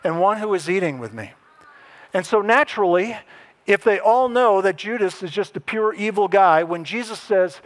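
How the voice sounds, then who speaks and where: A man preaching a sermon as a pastor, conversational with wry asides and lively emphasis. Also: sits high, moderate pace.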